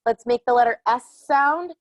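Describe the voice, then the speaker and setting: Young woman, kids yoga instructor; high, unhurried, sing-song and encouraging, dry close sound. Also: dry recording, low-quality recording. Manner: cheerful, encouraging, sing-song cues to children. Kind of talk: guided kids yoga class. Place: outdoors in a yard.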